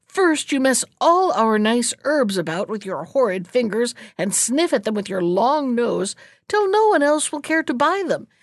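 Saucy little market boy shouting his wares, a lady reading puts him on, high and bouncy. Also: big pitch swings, moderate pace, no room sound, clean studio sound. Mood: indignant. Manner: loud, calling out. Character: cheeky young market boy crying wares.

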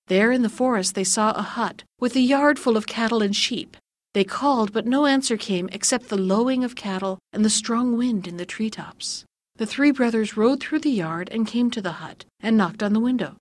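A woman tells an old fairy tale in a measured, gently expressive way. Her voice sits a little high, and the recording is close and dry with no room sound. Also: no room sound. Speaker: storyteller. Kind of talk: scripted narration of a fairy tale.

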